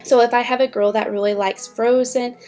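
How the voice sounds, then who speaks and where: A woman who teaches English online, giving upbeat, clear tips to fellow teachers. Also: on the high side, fairly even intonation, fairly quick, darkish tone, faint music behind. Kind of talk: instructional talk to fellow teachers.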